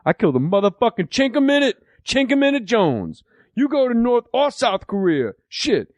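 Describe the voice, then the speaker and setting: Man putting on a swearing old braggart, pitched well above his own voice, volatile and loud. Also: sing-song, moderate pace, no echo, highs cut off. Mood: boastful. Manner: profane, ranting, bragging. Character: boastful hot-tempered old man, an ex-soldier by his own tale.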